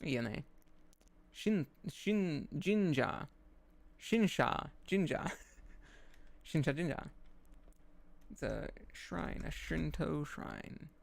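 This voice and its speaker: Slow, gravelly man drilling words. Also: fairly high pitch, very animated. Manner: slow, repetitive drilling of words, muttering to himself. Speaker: VTuber streamer studying Japanese. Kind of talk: solo study stream practicing verb forms aloud.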